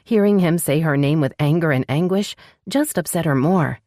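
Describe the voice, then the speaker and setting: A woman narrating a romance audiobook in an expressive, scripted style, close to the mic. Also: normal speed, dry recording. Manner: expressive, voices dialogue with sharp pitch jumps.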